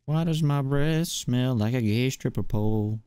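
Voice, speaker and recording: A man's voice: mid-range voice, unhurried, warm tone, slight background noise. A man chatting crudely over voice chat while playing an online shooter with friends, joking and yelping. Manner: crude joking, frequent yelps and laughter. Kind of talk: casual gaming voice chat.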